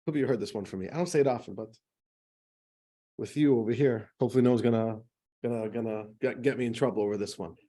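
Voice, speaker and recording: A man's voice: mid-range voice, quick pace, dark tone. A man teaching a class as a rabbi, in a chatty, joking style full of fillers. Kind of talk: casual classroom lecture.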